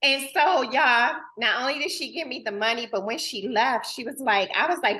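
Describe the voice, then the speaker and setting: A woman's voice: a little high, normal speed, hardly any pauses, sharp tone. A woman host talking in a heartfelt, casual way, earnest and emotional, and addressing her audience directly in informal speech. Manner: informal and folksy, full of "girl" and "y'all".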